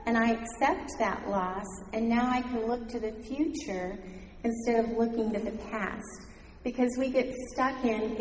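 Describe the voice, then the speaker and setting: A woman telling a personal story as part of a sermon, earnest and slowing down for emphasis. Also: a little high, steady tone, a little hiss or hum. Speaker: speaker at a church gathering. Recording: echoey hall, faint ambience.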